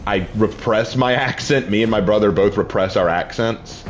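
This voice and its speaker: A tired man from the Southern United States chatting casually on a gaming stream in a low-key, rambling way. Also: steady tone, moderate pace, a little hiss or hum. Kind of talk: casual live-stream chat while gaming.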